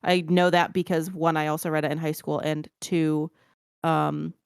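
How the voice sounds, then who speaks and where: A woman co-hosting a podcast, with a fairly low, smooth, resonant voice. She talks in a relaxed, wry way and often chimes in with short agreements, and the recording is close and dry. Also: normal speed, no room sound. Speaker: podcast co-host. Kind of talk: casual chat, book review.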